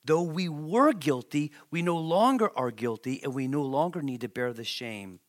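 A man preaching a sermon as a pastor, conversational and then emphatic, with animated asides to the congregation. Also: fairly high pitch, normal speed.

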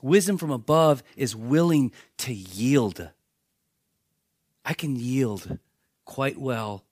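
A man preaching a sermon, telling Bible stories in a lively way and acting out the characters' lines. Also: medium pitch, takes it slowly, no room sound, clean studio sound. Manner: animated storytelling, acts out voices of biblical characters. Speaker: pastor.

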